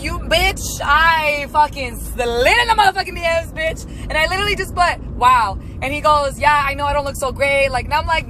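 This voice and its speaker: Woman, brash, profane story time, high voice, loud traffic noise behind. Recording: noisy traffic in the background.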